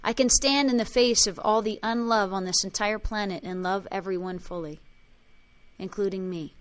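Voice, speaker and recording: A woman leading a spiritual workshop, telling emotional personal stories with quoted dialogue and chanting a repeated clearing phrase. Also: mid-range voice, moderate pace. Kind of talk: talk to a group.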